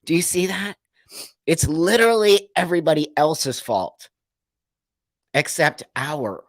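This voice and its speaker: A man's voice: on the high side, no echo. A man hosting a livestream, talking in an earnest, emotional monologue full of repeated rhetorical questions. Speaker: livestream host.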